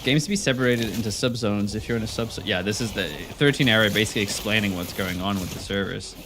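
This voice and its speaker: A man's voice: on the low side, fast talker, background noise. A man streaming a game live, talking to himself in a rambling, playful way. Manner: rambling, playful self-talk. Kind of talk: live gameplay commentary. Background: game music.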